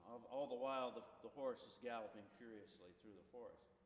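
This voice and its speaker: Male singer, mid-pitched, introducing a piece in a church; stop-start storytelling, distant and echoey. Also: brisk. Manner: explanatory storytelling with frequent restarts. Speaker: baritone singer introducing a song. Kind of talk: spoken concert introduction. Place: church sanctuary. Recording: echoey church from far off, faint hiss.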